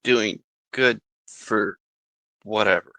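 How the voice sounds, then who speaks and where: Bright-voiced man, reassuring in role-play. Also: fairly low pitch, fairly even intonation, takes it slowly, no room sound, rough recording. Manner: reassuring, keeps asking "okay?". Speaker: player. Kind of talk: in-character role-play in a tabletop game.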